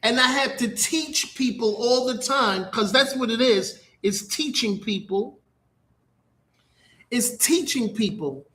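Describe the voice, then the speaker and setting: High-voiced man rambling slowly, echoey room. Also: expressive, pushed and bright. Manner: rambling, profane, repeats himself. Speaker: radio show host. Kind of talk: casual rambling monologue.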